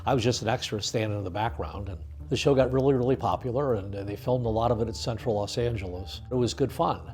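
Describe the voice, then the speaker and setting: An older man, a retired highway patrol officer, telling stories in an interview in a lively way. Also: quick pace, faint music behind. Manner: lively storyteller, acts out voices in quotes. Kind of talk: storytelling interview.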